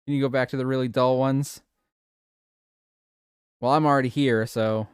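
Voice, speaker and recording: Dude streamer goofing around with chat, lots of giggles, swears, pretty dry mic sound. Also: male voice, medium pitch, fairly even intonation, moderate pace, smooth, no room sound. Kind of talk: casual live-stream chat.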